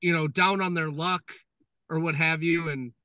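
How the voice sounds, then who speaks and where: A man's voice: fairly high pitch, steady tone, normal speed, bright, forceful tone, dry recording. A man co-hosting a firefighter podcast, explaining the job earnestly in casual chat.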